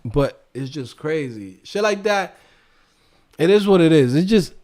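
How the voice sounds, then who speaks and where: A man's voice: on the high side, expressive, measured pace, darkish tone. A man hosting a livestream, ranting profanely in casual talk about his coding courses and refund requests.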